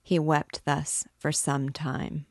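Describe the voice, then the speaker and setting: Slow, low-voiced woman reading a novel. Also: little pitch movement, creaky, darkish tone, no room sound, clean studio sound. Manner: measured, unhurried narration. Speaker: book discussion host reading aloud. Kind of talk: reading a classic novel aloud.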